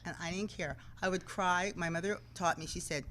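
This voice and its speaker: Animated woman telling stories as a guest. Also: on the low side, moderate pace, a little hiss or hum, rough recording. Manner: animated, acts out quoted voices. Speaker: guest, TV news anchor. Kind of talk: casual interview storytelling.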